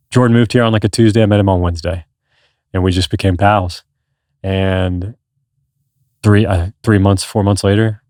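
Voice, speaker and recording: In a relaxed podcast conversation, a guest in his thirties rambles earnestly through his story, often starting over. His voice is lowish and darkish, steady in tone and moderate in pace, captured close and dry with no echo.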